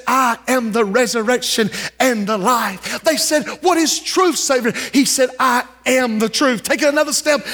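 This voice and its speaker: A preacher with a strikingly high voice delivers a fervent sermon, calling out to his listeners and building momentum. His voice rings through a church with a long, lingering reverb. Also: a bit bright. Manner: fervent preaching with call-outs to the congregation. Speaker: pastor. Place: church sanctuary.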